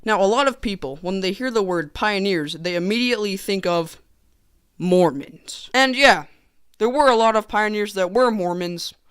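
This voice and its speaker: A teenage young man narrating a comedic storytime vlog in a sarcastic, animated, joking manner. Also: high-pitched, normal speed, clear, resonant tone, no echo, clean studio sound. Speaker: vlogger.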